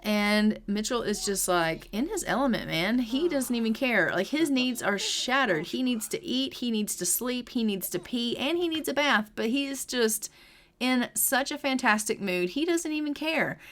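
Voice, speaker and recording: A woman's voice: on the high side, lively intonation, moderate pace, a bit bright. A young adult woman narrating her life-sim gameplay in a chatty, storytelling way as a gaming creator.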